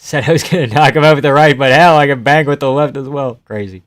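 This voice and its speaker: A man's voice: mid-range voice, quick pace, dry recording, clean studio sound. A male streamer giving casual live fight reactions and reading chat questions aloud, offhand and chuckling, swearing now and then.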